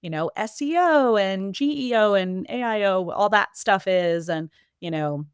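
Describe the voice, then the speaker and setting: A woman with a New England accent talking casually as a podcast guest, quick and lively with many fillers and restarts. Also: medium pitch, clear, resonant tone, no echo, clean studio sound. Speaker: podcast guest, marketing executive. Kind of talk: casual interview talk.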